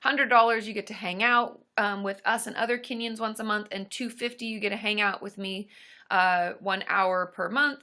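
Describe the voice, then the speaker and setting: At a moderate pace and medium pitch, this woman speaks with a steady, bright, forceful tone. On her casual live stream she reads viewer comments and rambles along in a friendly, chatty way, full of fillers and asides.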